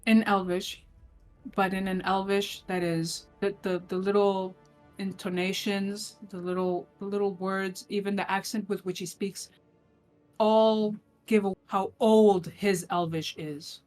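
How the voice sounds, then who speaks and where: A woman's voice: medium pitch, a little slow, soft background music. A woman running a tabletop game as game master, narrating scenes in detail and often restarting her phrases. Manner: descriptive, with frequent restarts.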